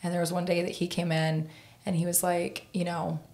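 Low-voiced woman telling a candid story. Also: completely flat delivery, moderate pace, darkish tone. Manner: candid and profane, with frequent laughs and fillers. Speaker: guest hairdresser. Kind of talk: casual podcast storytelling.

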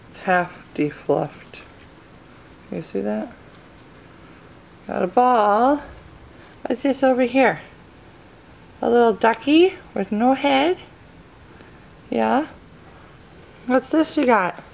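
Her voice medium-pitched, darkish and marked by vocal fry, a thirtysomething mom vlogs her family life on a handheld camera, moving from home to a car. She chats lovingly to her dog in a sing-song baby-talk voice.

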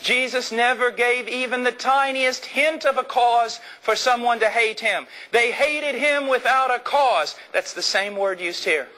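Male preacher, fiery sermon delivery, high and bright, swinging between hushed and shouted. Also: rough recording. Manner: impassioned, shifts between low earnest and high shouted emphasis.

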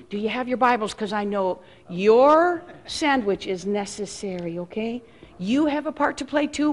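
A woman pastor leading a charismatic church service, praying loudly over people and speaking in tongues. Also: fairly high pitch. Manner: fervent, shouting prayers and speaking in tongues. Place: church hall with a choir. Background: music playing.

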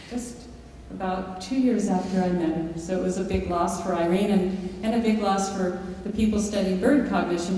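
A woman's voice: fairly low pitch, warm tone, a little hiss or hum. Woman author reading in an echoey hall. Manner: storytelling, with occasional fillers and restarts. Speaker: author giving a lecture. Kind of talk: book reading and lecture. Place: large lecture hall. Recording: echoey lecture hall, mic far off.

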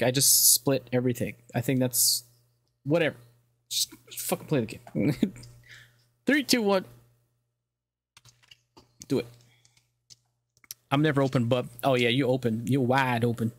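A young man speedrunning a game and narrating it casually, cracking crude jokes, swearing freely and laughing often. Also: medium pitch. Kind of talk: casual gameplay commentary.

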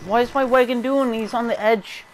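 A man in casual game chat, excitable, yelling in panic and laughing often. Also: very high voice, a little fast, noisy background. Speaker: gamer.

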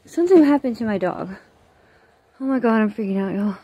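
Holding her phone camera by a roadside at night, this vlogger narrates a paranormal vlog anxiously and breathlessly, with outdoor noise in the recording. She speaks at medium pitch and moderate pace in a warm tone, with no echo.

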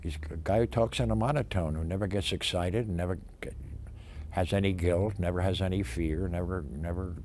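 An older male actor being interviewed about his career, talking in an emphatic, animated way with many restarts and stammers. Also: sits low, moderate pace, a little hiss or hum.

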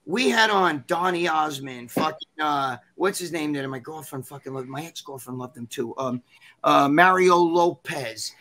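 A man's voice: fairly high pitch, normal speed, pushed and bright, slight background noise. A man being interviewed, talking casually and rambling, with lots of swearing and fillers. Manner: rambling, profane, many fillers. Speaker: interview guest. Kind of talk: casual chat.

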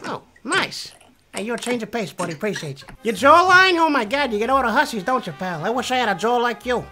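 A man putting on a brash, old-fashioned 1950s gentleman who calls people pal, teasing strangers on a video call. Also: extremely high pitch, big pitch swings, brisk, soft background music, exaggerated voice. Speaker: online video chat prankster. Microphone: webcam on a video call.

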